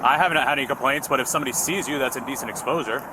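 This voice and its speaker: A sheriff's deputy questioning someone in a parking lot in a calm, patient way, recorded on a body camera. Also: medium pitch, racing. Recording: noisy outdoor bodycam audio.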